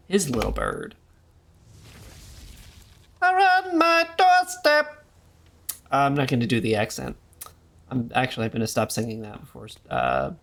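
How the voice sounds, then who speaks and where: Lively, jokey young man streaming a game. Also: mid-range voice. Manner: jokey, rambling, reads game text aloud. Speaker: streamer playing a horror game. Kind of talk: live gameplay commentary.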